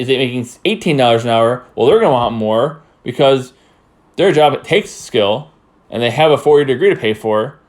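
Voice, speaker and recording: Heated rambling male podcast host. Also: a little high. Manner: rambling, heated, repeats himself. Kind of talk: opinionated political commentary.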